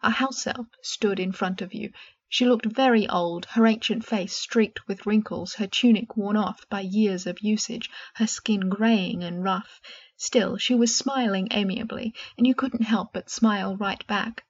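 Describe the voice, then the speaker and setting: A woman with a husky voice narrating a second-person fan-fiction story in a soft, gentle way. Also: medium pitch, unhurried, lo-fi sound.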